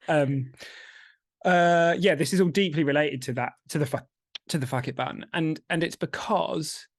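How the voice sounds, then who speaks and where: A man's voice: fairly high pitch, dry recording, studio quality. A man co-hosting a podcast and working as a coach, chatting casually, joking and reflecting.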